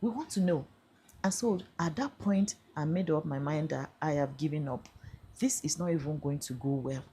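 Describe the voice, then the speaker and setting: Husky, low-voiced Nigerian woman. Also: normal speed, warm tone. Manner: emphatic, rising to passionate appeals. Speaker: vlogger. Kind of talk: personal storytelling.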